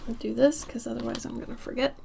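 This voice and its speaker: A woman in her thirties from Minnesota with a light Minnesotan accent, chatting casually on an art livestream while she draws, sometimes murmuring softly as she works. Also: a little high, flat delivery, fast talker, vocal fry, background noise. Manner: chatty and laid-back, drifting into soft murmurs while working. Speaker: art streamer.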